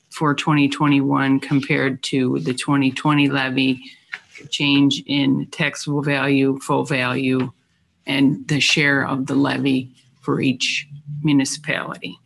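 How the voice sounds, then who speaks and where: A county official walking a meeting through tax figures, halting with many fillers and self-deprecating asides. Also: medium pitch, vocal fry, a bit bright, a little hiss or hum. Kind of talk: meeting presentation.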